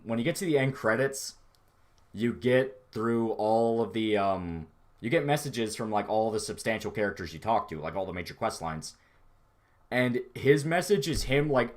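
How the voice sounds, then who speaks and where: A man with a somewhat low voice talks through a relaxed livestream. He rambles loosely from one thought to the next and swears freely as he answers his chat. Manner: rambling, profane, laid-back. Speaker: streamer reading chat.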